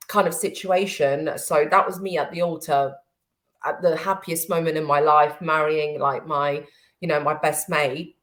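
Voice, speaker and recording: A woman, a business-owner guest on a podcast, with a fairly low voice. She is tearful and hesitant, filling pauses with "um" and "you know" as she talks. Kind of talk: casual conversation.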